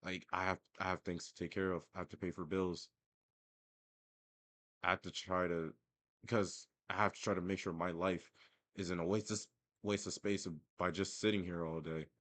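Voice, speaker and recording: A man's voice: low voice, flat delivery, normal speed, a bit bright, dry recording. A young man telling a story as a casual, profane, self-mocking rant. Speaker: vlogger.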